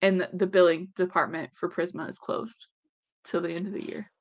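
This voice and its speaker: A woman co-hosting a podcast in casual chat, telling stories in an animated, blunt way and swearing freely. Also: lowish voice, brisk. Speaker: podcast co-host.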